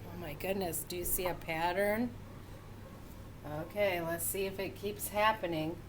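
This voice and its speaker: A woman teacher who breaks into a story to ask children questions, exclaiming in an animated way. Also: on the low side, unhurried, background noise. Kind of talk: asking children questions during a read-aloud.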